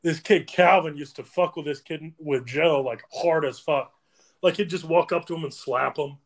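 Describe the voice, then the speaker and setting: A man's voice: a little high, normal speed. A young man hosting a podcast, telling rambling anecdotes with lots of fillers and laughing through them. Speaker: podcast host. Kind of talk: casual podcast storytelling.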